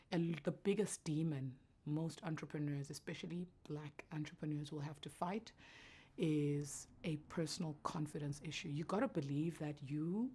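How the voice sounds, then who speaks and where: Woman w a low husky voice, earnest, kinda reflective, restarts a lot. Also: a little mellow. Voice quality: naturally deep voice. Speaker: entrepreneur guest. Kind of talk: emotional interview answers.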